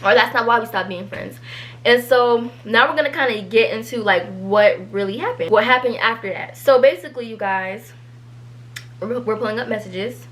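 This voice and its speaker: A teenage girl tells a storytime in a chatty, rambling way, full of fillers. Her voice sits a little high, and she gets animated whenever she quotes someone. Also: normal speed. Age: teens. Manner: chatty, filler-heavy, animated when quoting people. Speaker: vlogger telling a story. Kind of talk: casual storytime.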